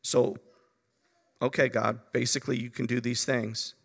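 A man's voice: mid-range voice, little pitch movement, measured pace, vocal fry, breathy edge, long reverb tail. A man preaching a Bible-teaching sermon, talking to his listeners conversationally with frequent asides.

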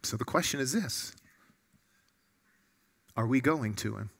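A man's voice: medium pitch, a little slow, vocal fry, fairly bright tone, husky. A man preaching a sermon to a room of listeners, earnest and often putting questions to them.

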